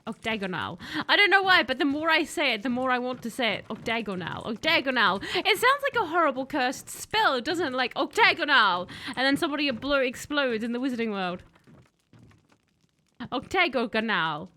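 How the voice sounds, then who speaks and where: Bright-voiced playful female game streamer. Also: sits high, quick pace, hardly any pauses. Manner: playful, chatty, bursts into excited shouting. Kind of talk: live game commentary. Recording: faint background noise.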